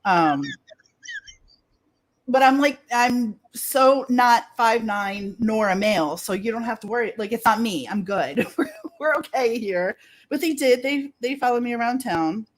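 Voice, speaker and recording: A woman co-hosting a casual chat, telling a story with lively acted-out dialogue and frequent laughter. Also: a little high, unhurried. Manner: animated storyteller who acts out dialogue and laughs often. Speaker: podcast co-host telling a story.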